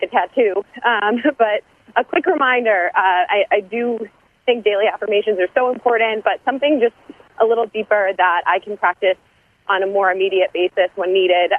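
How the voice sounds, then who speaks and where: A woman's voice: medium pitch, no room sound. A woman from Boston leaving an earnest, chatty voicemail for a podcast. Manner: chatty, earnest, uses fillers. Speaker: caller. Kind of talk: voicemail message. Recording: tinny phone line.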